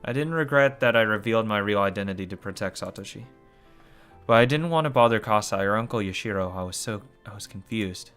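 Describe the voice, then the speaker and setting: A man's voice: lowish voice, a little fast, a bit bright, clear, resonant tone, faint music behind. A man reading a visual novel aloud as a let's play, swearing and commenting as he goes. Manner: swears and comments between lines.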